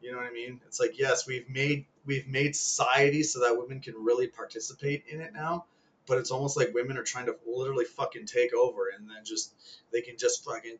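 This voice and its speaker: A man's voice: medium pitch, brisk, rough recording. A man in his thirties ranting casually to camera, rambling, swearing a lot and laughing at his own jokes. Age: 30s. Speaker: vlogger. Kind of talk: casual rant.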